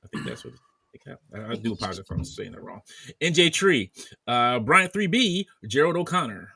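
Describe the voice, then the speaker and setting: Husky-voiced man hosting a chat show. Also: medium pitch, big pitch swings, moderate pace, bright, forceful tone, no room sound. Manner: reads off viewer names in a running list. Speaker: podcast host. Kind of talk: casual chat. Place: at home in bed, wearing headphones.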